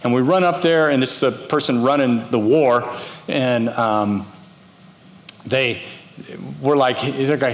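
In the reverberant hall of a church, a middle-aged man preaches as pastor. He speaks a little slowly at medium pitch, storytelling and voicing the people he quotes.

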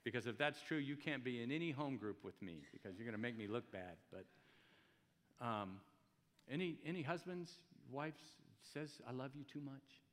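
A man's voice: medium pitch, expressive, normal speed, fairly bright tone. A man pastor giving a casual, joking sermon in a church, asking his congregation rhetorical questions. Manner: conversational, jokey preaching with rhetorical questions. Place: church hall. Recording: long hall reverb.

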